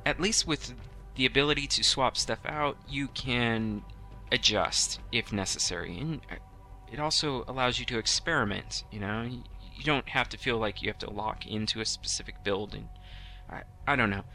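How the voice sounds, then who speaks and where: Bright-voiced man chatting on a podcast. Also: medium pitch, normal speed, faint music behind. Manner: rambling with many restarts and fillers. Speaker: podcast co-host. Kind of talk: casual podcast chat.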